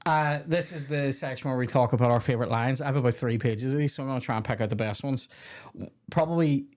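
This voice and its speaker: A man's voice: mid-range voice, fast talker, darkish tone. A young Scottish man hosting a comedy podcast, chatting casually and joking with a lot of swearing. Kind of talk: casual chat.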